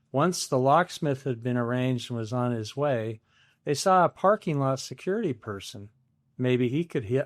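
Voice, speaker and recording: A man's voice: mid-range voice, dry recording, studio quality. A man in his seventies hosting a solo podcast, telling a family story in a wry, self-deprecating scripted style. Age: 70s.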